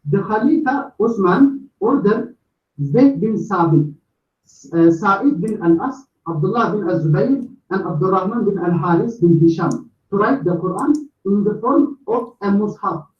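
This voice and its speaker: A man calling into a debate, reading out references in a halting way with many filler sounds. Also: high voice, lively intonation. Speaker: debate caller. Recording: distant echoey muffled call audio.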